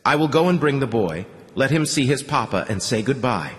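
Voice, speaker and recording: A man voicing a derisive old male cult priest who speaks slowly and mockingly in an audiobook. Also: mid-range voice, lively intonation, in a large hall, voice pushed up, lightly acted. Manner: mocking, slow and scornful.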